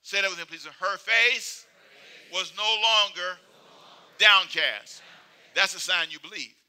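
A man preaching a sermon, with emphatic, repetitive call-and-response phrasing that swings between loud exhortation and quiet asides. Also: high voice, slow, smooth.

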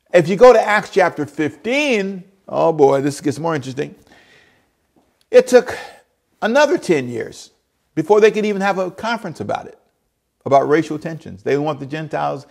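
A man preaching a sermon, animated and getting out of breath, swinging from loud bursts to quiet asides. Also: mid-range voice, vocal fry. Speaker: pastor.

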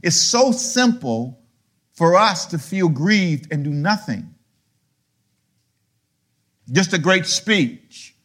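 Middle-aged male pastor, fairly high voice, lively sermon delivery with rhetorical questions. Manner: animated preaching, rhetorical questions; swings from low murmurs to loud high emphasis.

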